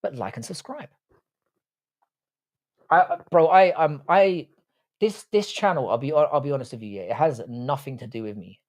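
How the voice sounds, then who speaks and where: A man's voice: fairly high pitch, expressive, moderate pace, pauses often. A man hosting a casual live stream, reading chat comments, talking bluntly with frequent swearing and rambling restarts. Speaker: livestream host.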